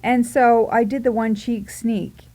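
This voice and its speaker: A woman vlogger telling a funny personal story in a casual, animated way, giggling and acting out her own reactions. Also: a little high, unhurried.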